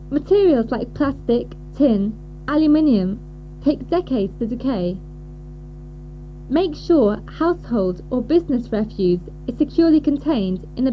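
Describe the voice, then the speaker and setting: A woman reading a list of rules in a clear, instructive way for a listening task. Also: on the high side. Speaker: reader of a code. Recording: dull lo-fi audio with faint hiss.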